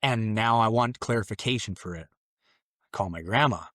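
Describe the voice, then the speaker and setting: At a moderate pace, his fairly low, fairly bright voice carries a casual, rambling personal story on a podcast, with fillers and quotes he acts out. He's a young man from a Mexican family. The recording is dry and clean, studio grade.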